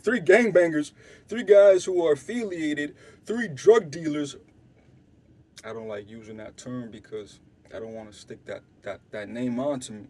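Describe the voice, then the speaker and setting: A young man with a somewhat high voice tells a wild story in loose street slang. He gets animated and swears freely, swinging between loud bursts and hushed asides as he acts out what others said. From Canada. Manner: animated, swearing, acts out quotes loudly and softly. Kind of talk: casual storytelling.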